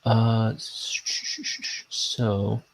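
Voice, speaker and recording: A man's voice: fairly low pitch, little pitch movement, extremely slow, creaky, low-quality recording. A man who is a cartoonist, chatting casually and self-mockingly while he inks his comic on a livestream. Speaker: cartoonist streaming his inking.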